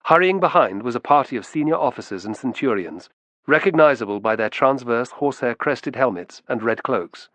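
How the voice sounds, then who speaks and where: A man narrating a historical novel in an expressive storytelling style. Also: mid-range voice, a little fast, no room sound. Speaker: audiobook narrator. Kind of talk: scripted narration.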